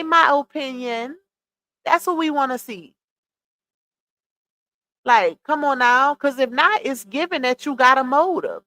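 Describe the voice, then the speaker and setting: Woman, livestream host, casual chat, slightly high voice, laughs often. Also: no echo. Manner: chatty, shouts out viewers while reading chat, laughs often.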